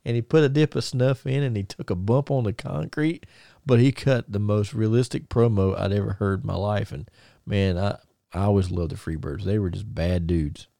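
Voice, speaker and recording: A man hosting a podcast, telling stories in casual chat with excited, rambling restarts. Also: lowish voice, normal speed, creaky, dry recording, studio quality. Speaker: podcast host.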